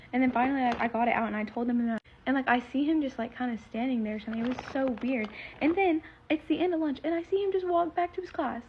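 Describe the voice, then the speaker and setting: A woman's voice: high voice, slight background noise. A teenage girl telling a story in a casual vlog, rambling and full of fillers as she retells something emotional. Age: teens. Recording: slightly muffled lo-fi recording.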